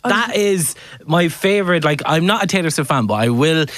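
A man hosting a casual radio song quiz, animated and self-mocking. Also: a little high, moderate pace, no echo, soft background music. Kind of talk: casual chat.

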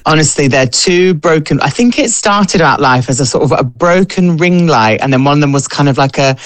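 A man's voice: a little high, lively intonation, moderate pace, dry recording. A man in his thirties, a comedian guest, chatting hesitantly with many restarts and an apologetic manner. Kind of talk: casual interview chat.

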